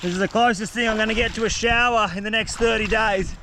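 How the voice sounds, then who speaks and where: A man filming himself outdoors in the mangroves, talking in excited, slang-heavy bursts straight to a handheld camera. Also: sits high, fast talker, noisy background. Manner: excited, breathless slang-filled chatter. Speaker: outdoor vlogger. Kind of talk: self-filmed outdoor vlog.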